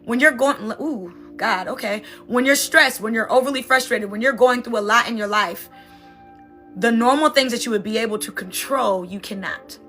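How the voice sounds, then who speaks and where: A woman's voice: on the high side, normal speed, fairly bright tone, soft background music. A woman NLP coach and sound healer giving an emphatic, conversational motivational talk, often checking in with "right?".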